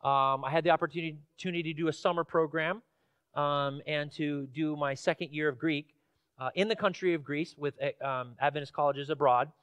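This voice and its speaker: A man from Washington State preaches in a church, his voice notably high. He tells stories in a relaxed, chatty way with ums and uhs, then presses emphatic questions. The sound is close and dry. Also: a little fast, clean tone, no room sound. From Washington State, USA. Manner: conversational storytelling with fillers, rising to emphatic questions. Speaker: pastor. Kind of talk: sermon. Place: church sanctuary.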